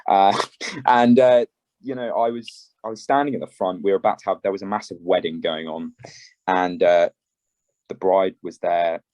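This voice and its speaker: A man hosting a podcast, telling his own anecdote in a measured way and summing up the guest's point. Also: deep voice, fairly even intonation, darkish tone, no echo, dull audio. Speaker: podcast host. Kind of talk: casual conversation, anecdote.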